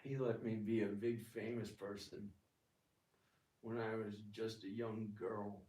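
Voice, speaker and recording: A man doing an impression of a boastful, wealthy famous actress, drawling slowly. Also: lowish voice, level tone, dark tone, distant mic, natural voice. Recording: echoey room, off-mic.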